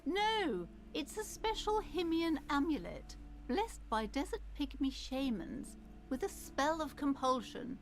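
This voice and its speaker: A woman's voice: sits high, big pitch swings, measured pace, heavily acted. An actress voicing an eccentric, superstitious woman who runs a shop in a video game, earnest and a little dotty. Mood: eager.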